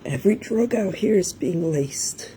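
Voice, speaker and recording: A grieving mother crying and speaking in a hushed, often whispered voice in an emotional appeal. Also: mid-range voice, animated, unhurried, noisy background. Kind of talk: emotional live video appeal.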